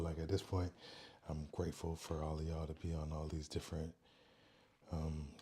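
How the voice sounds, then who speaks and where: A low, warm male voice, hosting a casual livestream. He talks softly and calmly into a neck-worn mic, reading out chat messages in an easygoing way. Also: a little hiss or hum. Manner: soft, quiet, chill talk, reading chat aloud. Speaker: livestream host. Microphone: microphone worn on the neck.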